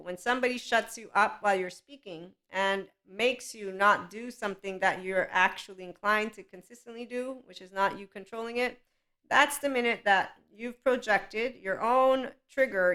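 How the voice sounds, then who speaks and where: A woman's voice: mid-range voice, bright, forceful tone. Blunt, laughing woman podcast host. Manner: candid, laughs often, blunt. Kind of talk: casual monologue.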